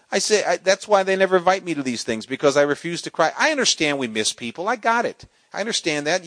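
Animated male preacher with dry sound. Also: a little high, no room sound. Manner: animated, swings from loud exclaiming to quiet storytelling. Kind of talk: sermon.

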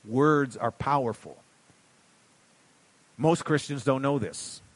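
A man's voice: mid-range voice, slow pace, no room sound. Folksy preacher man, dry close sound. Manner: swings from quiet asides to loud emphatic outbursts; folksy, calls listeners buddy and darling. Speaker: pastor. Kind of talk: sermon.

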